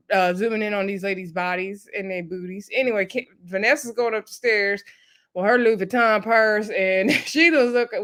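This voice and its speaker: A woman talks through a reality show episode in a loose, gossipy way. She laughs often and slips into quick impressions of the people she's quoting. Her voice sits in an ordinary middle pitch. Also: a bit bright. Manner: chatty, laughs often, acts out quotes in quick asides. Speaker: reality TV recap commentator. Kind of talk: casual recap chat.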